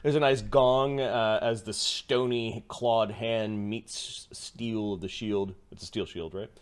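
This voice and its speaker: A man narrating a tabletop game as game master, halting and full of fillers and restarts. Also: lowish voice, fairly even intonation, a little hiss or hum.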